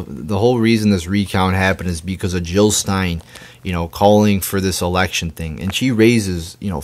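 A man ranting angrily about politics, swearing often and stumbling over his words with repeated restarts. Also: deep voice. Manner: profane, stammering, indignant. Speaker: political commentator. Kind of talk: angry political rant.

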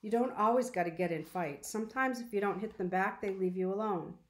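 A woman's voice: medium pitch, fairly quick, close to an everyday voice. Woman doing a shy, hesitant boy. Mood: coaxing. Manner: hesitant, plain dialect. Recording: roomy echo.

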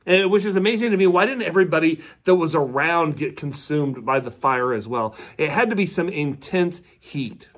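A man's voice: on the high side, expressive, moderate pace, hardly any pauses. A man, a pastor, giving a midweek devotional sermon in a conversational storytelling way and asking his listeners questions.

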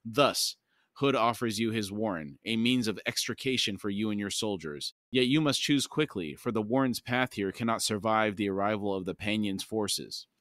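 A man's voice: fairly low pitch, normal speed, fairly bright tone, no echo, pitched below the performer's own voice, natural voice. Man reading as a contemptuous inhuman herald of death, cold and sneering, dry close sound.

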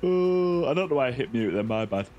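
A man's voice: medium pitch, expressive, a little fast, dull audio, faint music behind. A man with a Lancashire accent live-streaming a game, bantering and greeting viewers by name. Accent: Lancashire English. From northwest England, Lancashire near Yorkshire.

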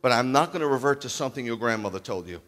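Animated male preacher in echoing hall. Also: mid-range voice, very fast. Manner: animated, acts out calls and shouts, then drops to near-whisper. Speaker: rabbi preaching. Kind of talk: sermon. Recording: long hall reverb.

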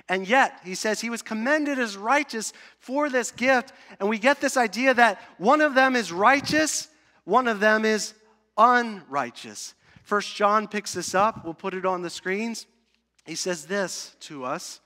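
A man preaching a sermon as pastor, emphatic, swinging between loud and hushed and asking the congregation questions. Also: high-pitched, long reverb tail. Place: church sanctuary.

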